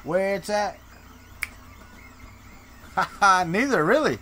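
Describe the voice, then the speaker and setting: A man with a Southern American drawl hosts a casual live stream, joking with viewers as he answers their messages. His voice sits a touch higher than most men's. A faint hiss of background noise runs under the talk. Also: animated, takes it slowly, bright, forceful tone. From Florida, Deep South. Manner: joking, chatty, reads and answers chat. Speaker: streamer host.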